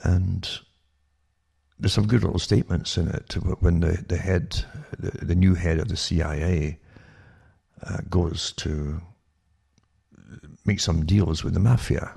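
A man with a very low voice and a heavy gravelly fry, talking in a long rambling monologue. His tone is dark and husky, and he keeps restarting sentences and tossing "eh?" at the listener. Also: fairly even intonation, unhurried, long pauses. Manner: rambling, with frequent restarts and asides like "eh?". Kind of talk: monologue commentary.

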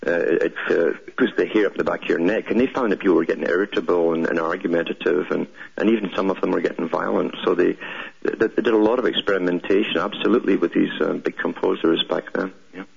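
A man's voice: low voice, fairly even intonation, fast, vocal fry. An older man hosting a call-in radio show, explaining at length and telling stories to a caller. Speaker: radio talk show host. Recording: muffled radio broadcast audio.

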